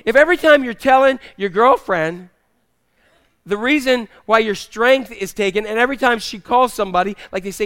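A man delivering a sermon in a relaxed, humorous way, often teasing the congregation. His voice sits fairly high for a man. The tone is smooth and clear. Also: fairly quick. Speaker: pastor.

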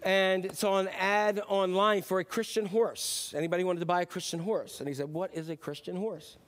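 A man preaching a sermon as pastor, telling a joke with lively character voices. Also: high-pitched, normal speed. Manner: animated storyteller, voices characters.

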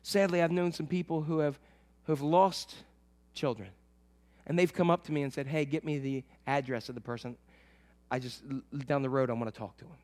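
A man preaching a sermon to his church, swinging between loud emphatic lines and soft, low asides. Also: steady tone, brisk. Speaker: pastor.

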